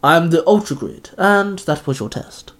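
A man voicing a scheming male Duke Orc monster who speaks in a slow, drawn-out, lordly way. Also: on the high side, animated, close to an everyday voice. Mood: lofty.

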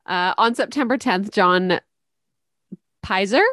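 A woman's voice: medium pitch, slow pace, fairly bright tone, no echo, studio quality. A woman co-hosting a podcast, reading true-crime notes in a casual chat, stumbling over words and laughing. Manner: reads aloud, stumbles on words, laughs and jokes. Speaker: podcast co-host.

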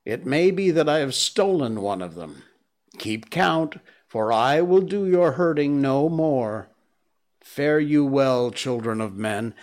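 A man's voice: mid-range voice, lightly acted. Man reading as Mowgli, a scornful wolf boy. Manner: proud, scornful. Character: fierce young boy raised by wolves, defiant.

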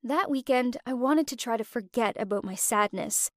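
A young woman telling a first-person story with expressive, emotional delivery. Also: a little high, moderate pace, no echo, clean studio sound. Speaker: narrator.

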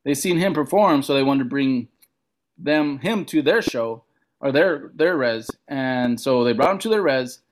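A man from a Montana reservation telling a casual story as a comedian guest, acting out other people's lines with big jumps in pitch. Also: unhurried, background noise. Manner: animated, acts out quoted voices with big pitch jumps.

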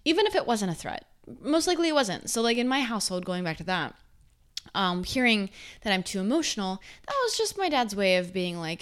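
A woman talking earnestly to camera in a casual, conversational way, turning emphatic one moment and soft the next. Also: medium pitch, sing-song, fairly quick. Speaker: self-help speaker.

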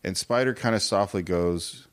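A man's voice: low voice, moderate pace, clear, resonant tone. A man co-hosting a podcast, telling film stories in casual talk and acting out the quotes. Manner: animated storyteller, acts out quotes. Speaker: podcast co-host.

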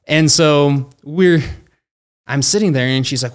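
This founder's voice is smooth and fairly high, moving at a measured pace. Appearing as a guest, he tells a story in a casual way, full of fillers such as "like" and "you know," and acts out the lines people said.

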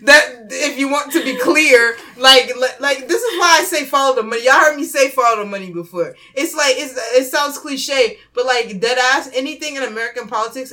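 A woman co-hosting a casual political chat, animated, swearing freely and mimicking other people's voices. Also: high-pitched, brisk, few pauses. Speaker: podcast co-host.

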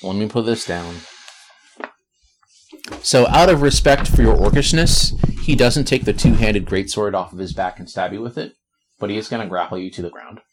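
A man's voice: low-pitched, creaky, background noise. A man acting as game master, narrating a tabletop game with joking asides.

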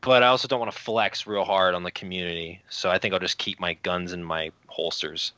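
A man with a low, bright, forceful voice chatting as a podcast guest, pausing often with fillers. The sound is dry and a little dull, close to the mic. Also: steady tone, dry recording. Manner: hesitant, full of uh fillers. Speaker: guest, jiu-jitsu athlete. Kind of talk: casual podcast chat.

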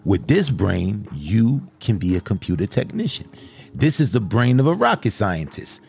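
A man voicing a proud male storekeeper who explains his wares in a slow, measured way. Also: lowish voice, big pitch swings, vocal fry, darkish tone, faint music behind.

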